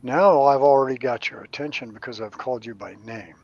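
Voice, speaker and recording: A middle-aged man spins stories in loose, profane chat and acts out the voices of the people in them. His voice sits at an ordinary pitch with a husky, breathy edge. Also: fairly quick, highs cut off. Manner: animated, profane storyteller acting out voices. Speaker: medium. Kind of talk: casual storytelling chat.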